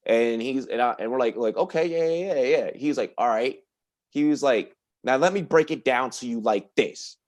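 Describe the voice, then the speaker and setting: Animated storytelling man, casual and profane. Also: medium pitch. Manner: animated, profane, laughs through his story. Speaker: podcast guest.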